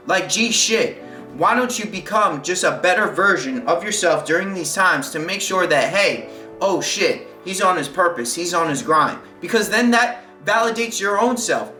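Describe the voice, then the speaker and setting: A man's voice: sits high, pushed and bright. A young man coaching on weight loss in a blunt, emphatic, profane monologue. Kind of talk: motivational monologue. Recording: echoey room, mic at a distance, faint guitar music.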